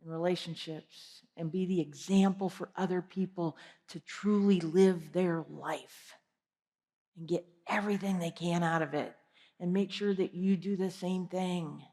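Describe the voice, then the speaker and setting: A woman giving an energetic motivational keynote, asking the audience direct questions. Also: lowish voice, measured pace. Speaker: keynote speaker. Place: large conference hall. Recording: long hall reverb.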